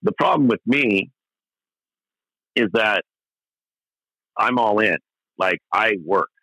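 Middle-aged male musician guest, candid and rambling, low-ish bright tense voice, dry close recording. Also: animated, slow pace, creaky, no room sound, poor audio. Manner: rambling, many restarts and fillers, candid and profane. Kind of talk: casual storytelling interview.

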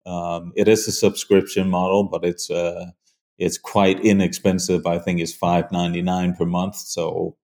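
Guest interviewee: a man with a deep voice, earnest, halting speech full of fillers. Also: flat delivery, darkish tone. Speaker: hunting show creator, guest. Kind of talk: conversational interview.

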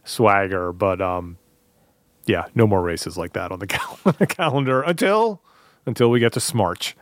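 A man's voice: on the low side, moderate pace, no echo. A man co-hosting a casual cycling podcast, telling stories and acting out what others said. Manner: animated storyteller, acts out quoted voices. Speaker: podcast co-host. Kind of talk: casual chat. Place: podcast studio.

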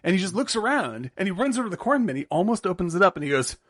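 A man's voice: sits high, very fast, no room sound, clean studio sound. A man co-hosting a casual chat show, telling stories with energy and acting out the lines he quotes. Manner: animated storyteller, acts out quotes. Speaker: podcast co-host.

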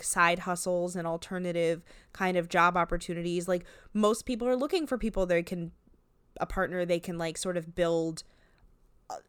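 A woman co-hosts a casual podcast, rambling with lots of "like" and easy laughter. Her voice is smooth and clear, recorded close and dry with no room sound. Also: lowish voice, dry recording. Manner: chatty, lots of "like", laughs often. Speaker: podcast co-host. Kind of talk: casual chat recapping a reality show.

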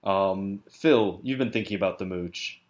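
Podcast host, man, low-ish voice, easygoing and joking. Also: a little slow. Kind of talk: casual podcast chat.

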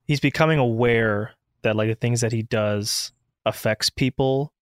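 A man's voice: mid-range voice, a little slow, clean tone, no room sound, studio quality. A man co-hosting a podcast, easygoing and thoughtful, often using "like" and "right?". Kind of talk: casual podcast conversation.

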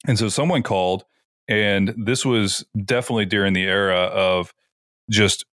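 A podcast co-host with a fairly low voice and normal speed animatedly retells an episode in casual chat, leaning on "like" and other filler. The recording is dry and studio quality.

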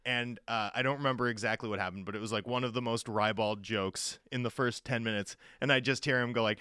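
A man co-hosting a sports talk show, telling stories in an animated, chatty way with quick asides. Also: medium pitch, dry recording, studio quality. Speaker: sports radio co-host.

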